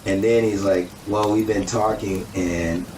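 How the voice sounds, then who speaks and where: A man telling a casual personal story, animated and acting out quoted dialogue. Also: on the low side, a little slow. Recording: echoey room, distant mic, noisy.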